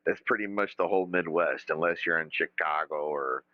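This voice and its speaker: A man's voice: deep voice, moderate pace, no room sound, highs cut off. A man from Kentucky hosting a casual livestream chat, profane and jokey, often mimicking other people. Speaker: podcast host.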